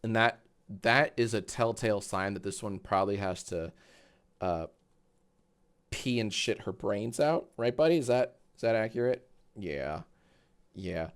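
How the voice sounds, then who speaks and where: A man's voice: lively intonation, unhurried, pauses often, clean tone. Casual swearing man streamer rambling. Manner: rambling, casual, swears freely, talks to his dog in a high baby voice. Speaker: livestream host. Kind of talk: casual live-stream chat.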